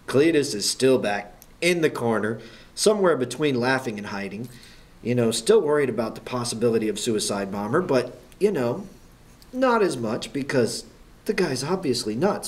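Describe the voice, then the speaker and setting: A man's voice: medium pitch, lively intonation, normal speed. A man, a schoolteacher, telling a story in a wry manner with dry asides. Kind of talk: anecdotal storytelling.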